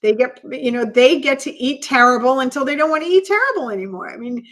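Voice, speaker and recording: Higher-voiced woman, earnest coach. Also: expressive, fast talker, fairly bright tone. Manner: earnest, reflective, shares personal stories. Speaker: podcast co-host and coach. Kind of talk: casual podcast conversation.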